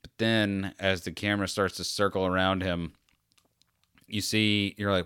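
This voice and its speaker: Man podcast host, deep smooth voice, dry close sound, rambling self-deprecating chat. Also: level tone, unhurried, fairly bright tone, no echo. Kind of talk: casual solo monologue.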